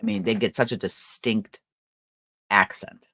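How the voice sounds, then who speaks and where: A woman's voice: rumbling low, fairly even intonation, unhurried, pushed and bright, no echo. An older woman hosting a crafting livestream, chatting casually and rambling with fillers and laughter. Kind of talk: casual chat.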